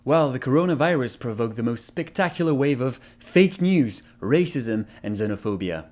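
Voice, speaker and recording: A man's voice: medium pitch, expressive, moderate pace, darkish tone. A young man giving earnest, impassioned commentary in a personal video. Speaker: video creator.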